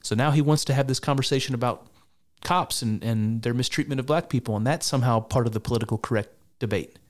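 A man's voice: mid-range voice, fast. A man giving sarcastic, exasperated and profane reaction commentary on a debate. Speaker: political commentator.

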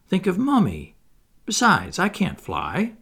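A high, excitable young girl, prim and well-bred, exclaiming at everything, as a male reader puts her on. The voice is pushed well above his own and stays a bit husky and gravelly. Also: slow, heavily acted. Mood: excited. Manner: breathless, exclaiming.

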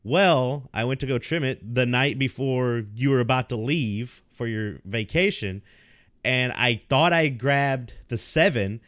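A man's voice: mid-range voice, a little slow, fairly bright tone, no room sound, studio quality. A young man telling a story in casual chat, laughing often and swearing freely, talking into a desk mic on a call. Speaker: podcast co-host.

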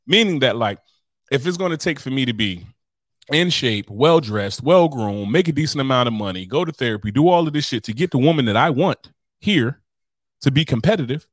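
A man's voice: medium pitch, lively intonation, fairly quick, no room sound, studio quality. Profane, rambling man on a podcast. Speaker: podcast co-host. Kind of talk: casual podcast chat.

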